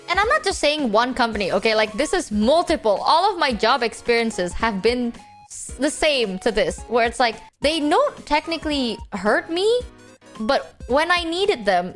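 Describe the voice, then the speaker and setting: Animated high-voiced woman streamer. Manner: animated slangy storytelling. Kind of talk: casual stream chat.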